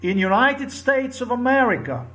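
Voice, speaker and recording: A man's voice: very high voice, sing-song, normal speed, bright, forceful tone. A man delivering an angry, repetitive monologue to camera, full of heated crude outbursts. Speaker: vlogger.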